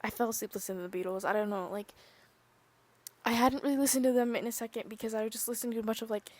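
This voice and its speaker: A woman's voice: on the high side, fairly even intonation, racing. A young woman hosting her own podcast, chatting casually and rambling with lots of "like" and "literally". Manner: rambling, full of "like" and "literally", drifting soft. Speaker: podcast host. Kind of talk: casual chat.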